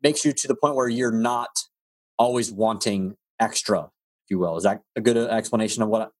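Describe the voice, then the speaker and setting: A man's voice: lowish voice, normal speed. A man hosting a podcast interview, chatting casually and rambling with frequent restarts. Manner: rambling, stammers and restarts, friendly. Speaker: podcast host.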